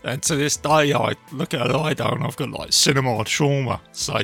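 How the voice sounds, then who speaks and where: A man casually recapping a film, chatty and enthusiastic, tossing in quick impressions of lines. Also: mid-range voice, gravelly, a bit bright, slightly rough, soft background music. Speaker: film reviewer.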